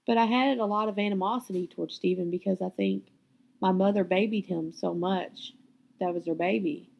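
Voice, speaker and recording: A woman's voice: on the low side, normal speed, vocal fry, muffled recording. A woman hosting her own podcast, telling her life story in a raw, candid way and swearing freely. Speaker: podcast host. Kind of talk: confessional personal storytelling.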